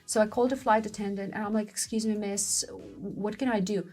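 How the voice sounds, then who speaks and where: A young woman co-hosting a show, telling a story in a lively, exclaiming way. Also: medium pitch, brisk. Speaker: co-host of a language-learning show. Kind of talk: casual conversational storytelling.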